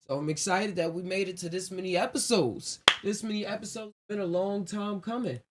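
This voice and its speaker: Heard over very noisy audio, a man with a high-pitched voice talks fairly quickly. He's hosting his own podcast live, rambling casually and reflectively on his own and laughing frequently.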